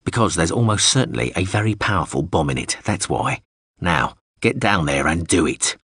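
A cold, curt starship pilot, read by a male narrator in close to his own voice. He has a very deep, husky voice and gives clipped, commanding orders in a dry, close recording. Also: animated, moderate pace, a bit bright, no room sound, exaggerated voice.

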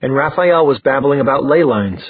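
A man with a husky voice voicing an agitated young male vampire who pleads and demands in a raised, urgent voice. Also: mid-range voice, lively intonation, moderate pace, no room sound, pitched above the performer's own voice. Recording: tinny phone-like dry recording.

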